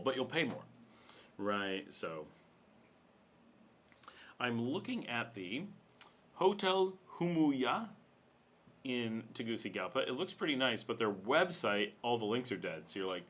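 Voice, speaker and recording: A man's voice: mid-range voice, sing-song, a little slow, pauses often, a bit bright. A middle-aged man hosting a casual live question-and-answer stream from his home, talking loosely and reading out viewer comments. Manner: chatty, reads viewer comments aloud, coos baby-talk to his dog. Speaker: livestream host. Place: home room with studio lights.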